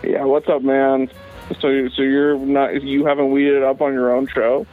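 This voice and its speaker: A laid-back stoner caller, as a man puts him on, drawling and needling in a flat, deadpan way. His voice comes through a tinny, phone-like filter. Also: mid-range voice, measured pace, faint music behind, voice pushed down.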